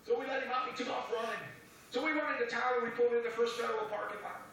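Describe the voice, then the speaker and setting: Man, very high sharp voice, excited storytelling, echoey room, distant mic. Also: very fast. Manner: excited, repeats himself, acts out voices. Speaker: person giving a religious testimony. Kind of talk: dramatic personal storytelling.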